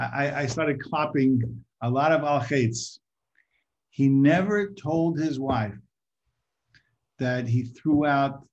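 A man giving an informal Torah talk to a group, halting and repeating his words, sometimes asking the audience questions. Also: on the high side, darkish tone. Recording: muffled lo-fi recording.

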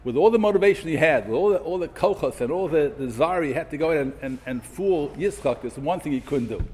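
A man's voice: on the high side, animated, fast talker, darkish tone, a little hiss or hum. A man teaching a Torah lesson, quoting Hebrew texts and explaining them in English with many questions. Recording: echoey hall.

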